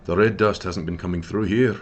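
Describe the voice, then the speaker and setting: A chummy old dwarf, friendly and loud, his voice jumping up high, as a man puts him on. Played with plenty of bounce in a tabletop game. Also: steady tone, brisk, highs cut off, a little hiss or hum, close to an everyday voice.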